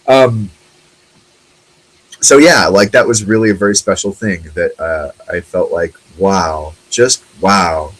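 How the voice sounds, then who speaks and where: A man's voice: low voice, slow, poor audio. A man in his forties hosting a casual solo talk show, rambling and chatty with lots of fillers. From United States. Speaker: host.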